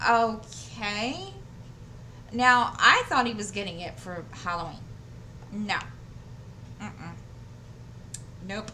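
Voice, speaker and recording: A woman's voice: mid-range voice, slow pace, long pauses, noisy background. A woman chatting casually to her channel while she crafts, rambling through a story with many fillers and restarts. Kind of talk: casual chat while diamond painting. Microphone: desk microphone.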